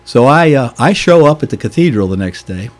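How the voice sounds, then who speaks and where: A man's voice: mid-range voice, expressive, fairly quick. An older man with a Southern American accent, a deacon telling stories in a folksy, chuckling way during a podcast interview.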